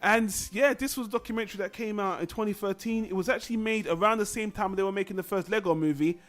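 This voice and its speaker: A man's voice: high-pitched, fast, a bit bright, soft background music. A man hosting a casual chat show, talking in a rambling, conversational way with frequent restarts. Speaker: podcast host.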